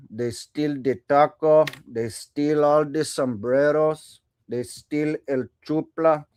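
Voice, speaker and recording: A man's voice: mid-range voice, darkish tone, clean tone, dry recording, natural voice. Comic bit: a man playing an over-the-top fake-accent news voice. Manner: exaggerated, clumsy put-on accent. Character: mock foreign-accented man narrating cartel news.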